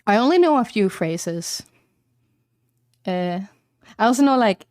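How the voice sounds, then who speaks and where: A young woman talks casually to her live stream audience, wandering through her thoughts with plenty of fillers and little asides. Her voice sits at an ordinary middle pitch. The recording is dry and close, with no room sound. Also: lively intonation, unhurried, long pauses, a little mellow, dry recording. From Sweden. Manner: chatty, rambling, lots of fillers and quoted voices.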